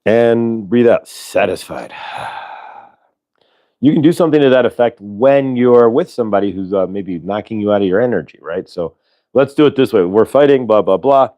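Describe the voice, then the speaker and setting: Low-voiced man guiding breathing, rambling. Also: a little fast. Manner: rambling, relaxed, with many fillers and restarts; sighs audibly between instructions. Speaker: host leading a breathing exercise. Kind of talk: casual spoken guidance.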